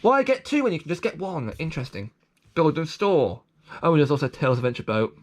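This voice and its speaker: Pitch swinging widely from a fairly high base, a male vlogger talks a little fast about a toy catalogue. It's rambling, casual commentary, marked by stumbling restarts and self-deprecating asides.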